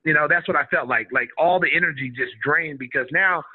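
In a casual interview, the guest is a middle-aged man from Oklahoma and a former basketball player, and he's telling a story with plenty of animation. When he quotes people, he raises his voice to act them out. His slightly rough voice runs a little high and brisk, heard over a tinny, phone-like connection.

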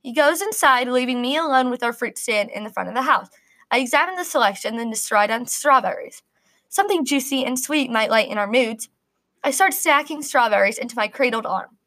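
A woman narrating a first-person story in an earnest, expressive reading. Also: on the high side, a little fast.

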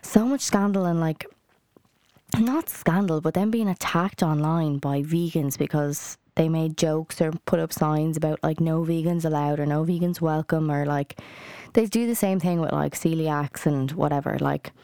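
A woman's voice: deep voice, moderate pace, warm tone, clean tone, no room sound. A young Irish woman hosting a podcast alone, chatting casually in a blunt, rambling way, full of fillers and swearing. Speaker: podcast host. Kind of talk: casual solo podcast chat.

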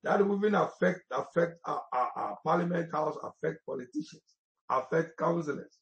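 A man's voice: a little high, expressive, normal speed, creaky, lo-fi sound. A man preaching a sermon with passion, repeating lines for emphasis. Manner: impassioned, repeats phrases for emphasis. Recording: roomy echo.

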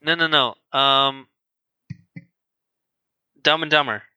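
A man's voice: medium pitch, slow, sharp tone, clean tone, no echo, rough recording. A man in casual chat, telling a rambling work story with restarts and acted-out dialogue.

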